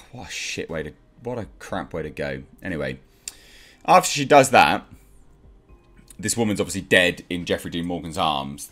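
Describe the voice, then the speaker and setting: A man's voice: sits low, fairly bright tone. A man giving a casual, blunt movie review in a ranting way, with faint music behind him.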